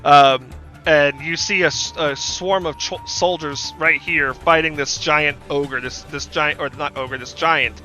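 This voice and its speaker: A man's voice: a little high, steady tone, measured pace, pushed and bright, faint music behind. A man narrating a tabletop game as game master, casual and full of fillers.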